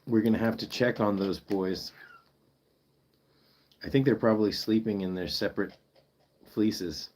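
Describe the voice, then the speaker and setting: A man's voice: lowish voice, measured pace, long pauses, darkish tone. A man chatting casually with viewers on a pet rescue livestream, playful and joking, sounding out foreign words for the chat. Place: home.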